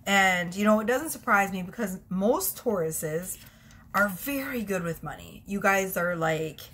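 With a lively, slightly bright mid-range voice and a somewhat slow delivery, a young woman gives a tarot reading at home. She giggles frequently, chats away, and interrupts herself, over a faint hiss or hum.

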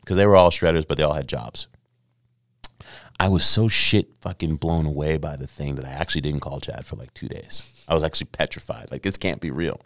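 Deep-voiced man telling an animated story. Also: brisk, dry recording, studio quality. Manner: animated storyteller, acts out quotes, swears freely. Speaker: podcast guest. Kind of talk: casual storytelling.

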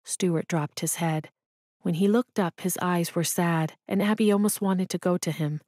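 Calm woman narrating an audiobook. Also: on the low side, moderate pace, no room sound, studio quality. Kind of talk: scripted narration.

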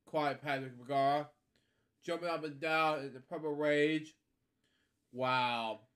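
A man reading a children's storybook aloud in a casual way. His voice is a little high, and he stumbles, repeats words, and keeps breaking off for offhand comments. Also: moderate pace, fairly bright tone. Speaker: storybook reader and host. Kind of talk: casual read-aloud with chatty asides.

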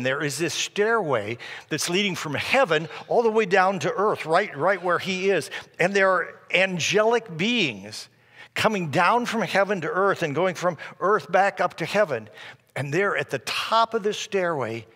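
A male pastor retelling a scripture story in a sermon, dramatic, dropping soft at tense moments. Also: mid-range voice. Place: church sanctuary. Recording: long reverb of a large hall.

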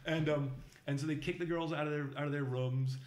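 A man's voice: fairly high pitch, fairly even intonation, quick pace. Rambling man from in an echoey room. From Boston, USA. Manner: rambling, many fillers and restarts, mimics people he quotes. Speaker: podcast guest telling a travel story. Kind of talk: casual storytelling chat.

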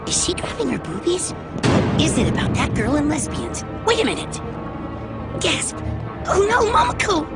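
A frantic yelling cartoon kid. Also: female voice, sits high, huge pitch swings, normal speed, long pauses, over loud music, heavily acted. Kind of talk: comedic cartoon dub.

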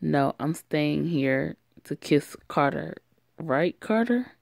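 A woman's voice: low-pitched, animated, slow pace, vocal fry, dry recording, studio quality, exaggerated voice. A woman voicing a drunk, pushy teenage boy in a homemade voiced story who talks in brash, insistent bursts. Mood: pushy, tipsy.

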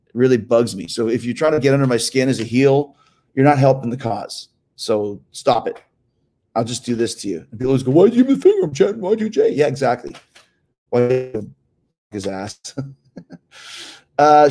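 A middle-aged male host spins loose, rambling anecdotes, doubling back on his words and swearing freely as he goes. His voice sits at an ordinary middle pitch and he answers listener questions in an easy, chatty style. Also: darkish tone. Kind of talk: casual storytelling chat.

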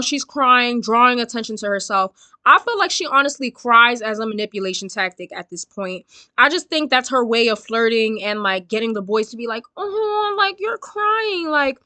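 A young woman talks in a high, bright voice that sounds dry and close to the mic. She gives blunt, sassy vlog commentary with plenty of swearing. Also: no room sound. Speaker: reality show commentator.

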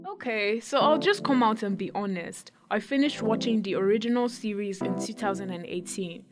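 A woman's voice: medium pitch, normal speed, music in the background. A young woman hosting a student review segment, speaking candidly and plainly. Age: young adult. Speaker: segment host, show reviewer. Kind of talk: scripted review.

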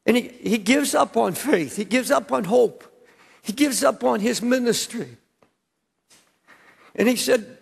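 A man's voice: extremely high pitch, a little slow, gravelly, long pauses, slightly rough. An older man, a pastor, preaching an impassioned sermon in a large church, repeating words as he presses his points. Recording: church hall with long reverb.

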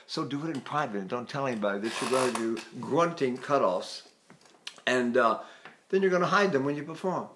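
A man's voice: a little high, brisk, a bit bright. An older man teaching singing in a chatty, self-mocking way, breaking into sung vowel demonstrations. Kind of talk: spoken vocal lesson with sung demonstrations.

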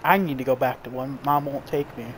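A man's voice: medium pitch, steady tone, a little fast, noisy background. A young man chatting casually while streaming a game, telling stories in long run-on rambles. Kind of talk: casual chat while gaming.

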